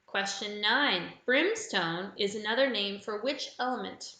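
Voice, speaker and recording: A woman with an Australian accent hosting a live online pub quiz, reading each clue slowly and repeating it. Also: mid-range voice, bright, forceful tone, roomy sound, rough recording. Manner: reads clues slowly and repeats them. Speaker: quiz host.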